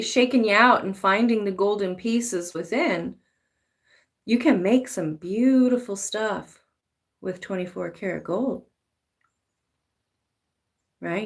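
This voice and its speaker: Slow, swearing spiritual woman. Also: mid-range voice, fairly bright tone. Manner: unhurried, swears casually, acts out pleading voices. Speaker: tarot reader. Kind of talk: spiritual monologue.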